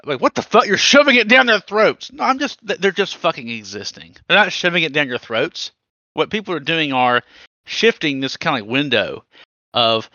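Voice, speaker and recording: A man co-hosting a podcast in casual chat, animated and swearing, with many restarts. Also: on the high side, normal speed, no echo, highs cut off. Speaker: podcast co-host.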